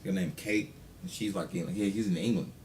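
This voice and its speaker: A man's voice: low voice, fairly quick, darkish tone, slight background noise. A man co-hosting a casual podcast chat, laid-back and slangy, mumbling and swearing offhandedly. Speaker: podcast co-host.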